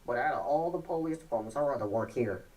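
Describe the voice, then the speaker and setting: A male guest answering interview questions in a halting, stuttering, plainspoken way. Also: mid-range voice, lively intonation, a little mellow, recorded from a distance, rough recording.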